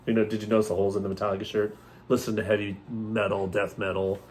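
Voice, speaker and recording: Low-voiced man in casual movie chat. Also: level tone, quick pace, a little hiss or hum. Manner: joking, jumps into loud playful outbursts. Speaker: co-host of a horror movie review channel.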